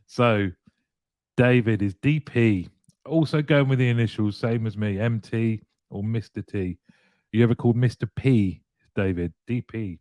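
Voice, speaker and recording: Chatty man hosting a live show, lowish voice, dry close sound, quick to laugh. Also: warm tone, dry recording. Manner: chatty and jokey, laughing often. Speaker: livestream show host. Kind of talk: casual live chat, greeting viewers and reading comments.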